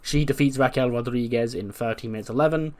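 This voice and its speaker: A man's voice: mid-range voice, fast, a little mellow. A man casually recapping a wrestling management game, chatty with fillers. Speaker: let's play host.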